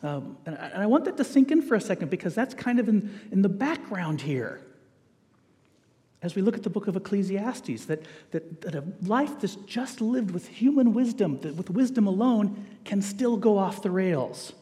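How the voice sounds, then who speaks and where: High-voiced man preaching in a reverberant hall. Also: moderate pace. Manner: lively and joking, acts out voices in asides. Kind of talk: sermon.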